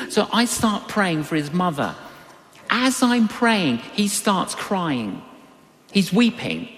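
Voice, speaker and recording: An older preacher delivers a sermon full of personal stories. The delivery is unhurried, and the pitch swings widely as the speaker acts out the people in the stories. The voice rings out with a long reverb, as in a large hall. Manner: animated, acts out quoted voices.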